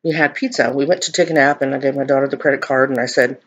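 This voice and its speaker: A man's voice: medium pitch, fairly even intonation, fast, a bit bright. A middle-aged man in a chatty eating vlog, rambling and laughing as he talks to viewers. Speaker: vlogger. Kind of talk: mukbang chat, eating on camera.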